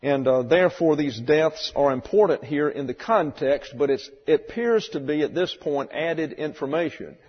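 A man teaching a Bible lesson in sermon style, slow and methodical, spelling out Greek words letter by letter. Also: a little high, breathy edge. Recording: dull lo-fi recording with long hall reverb.

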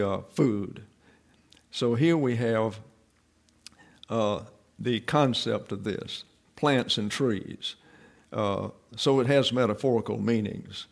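A man's voice: lowish voice, gravelly. Man teaching a wry, scholarly Bible lesson. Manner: scholarly, wry asides, frequent uh fillers.

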